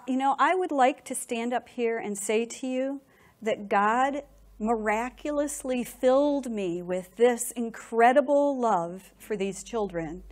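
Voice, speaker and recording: This middle-aged woman delivers a personal testimony to an audience in an emotional, animated way, often repeating words as her feelings swell. Her pitch is on the high side.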